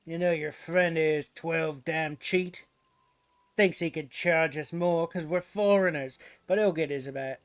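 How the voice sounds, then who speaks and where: A man voicing a swaggering, brutish pirate marauder chief with a rough, threatening growl. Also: a little high, unhurried. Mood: sneering.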